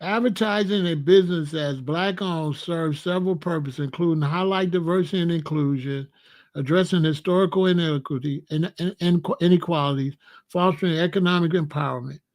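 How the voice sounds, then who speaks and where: A male commentary host argues his point in a reaction commentary, piling up repeated rhetorical questions. His voice is on the high side and a little fast.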